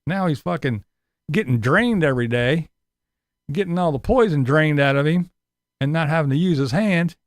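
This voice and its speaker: A man's voice: a little high, animated, moderate pace, dry recording, studio quality. A man giving a sarcastic, profane commentary rant as a vlogger.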